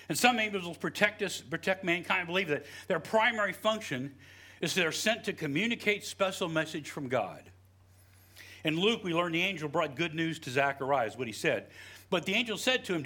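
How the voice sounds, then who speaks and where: A middle-aged pastor from West Virginia, preaching a sermon in a folksy, joking storytelling way with frequent "you know". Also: male voice, fairly high pitch, pushed and bright.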